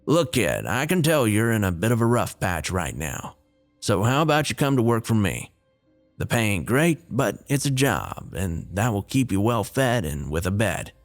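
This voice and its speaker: A man voicing a kind but stern fishing guide in his forties, with a Southern Florida accent and a gruff, fatherly, folksy way of talking. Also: lowish voice, sing-song, moderate pace, faint music behind. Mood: coaxing. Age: 40s.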